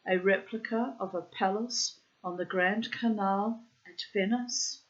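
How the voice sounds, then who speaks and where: Slow, tired woman reading a story. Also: mid-range voice, dull audio. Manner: unhurried, careful reading with asides. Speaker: audiobook reader. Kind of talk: reading a short story aloud.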